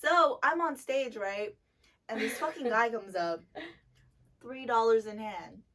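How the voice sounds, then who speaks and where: A young woman co-hosting a casual chat, telling stories animatedly with lots of swearing and loud bursts. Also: on the high side, unhurried, far from the mic, slight background noise. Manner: animated, profane, loud bursts when retelling anger. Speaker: podcast co-host, dancer.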